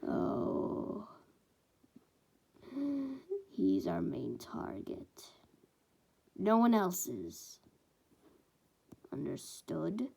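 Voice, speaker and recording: A stern villain boss, voiced by a woman narrator, hands down clipped, commanding orders. His voice is gravelly and dark, and he speaks slowly. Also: lowish voice, very animated, pitched below the performer's own voice, exaggerated voice. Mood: menacing.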